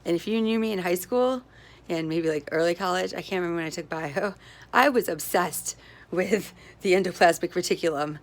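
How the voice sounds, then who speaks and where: Gravelly low-voiced woman rambling casually. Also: a little fast. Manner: meandering, self-interrupting, often tags with "right?"; laughs easily between thoughts.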